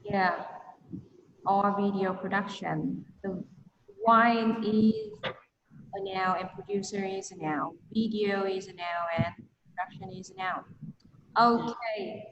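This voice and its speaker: A woman's voice: mid-range voice, slow pace, gravelly, slight background noise. Woman teacher on a call, roomy and a bit muffled. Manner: switches between English and Vietnamese, quizzes students. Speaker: English teacher. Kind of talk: online class teaching. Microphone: video call. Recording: roomy, dull video call audio.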